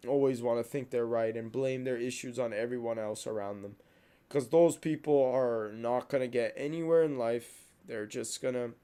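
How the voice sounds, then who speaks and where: A man's voice: medium pitch, warm tone, smooth. A young man hosting a podcast, venting in a casual monologue, heated and repeating himself. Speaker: podcast host.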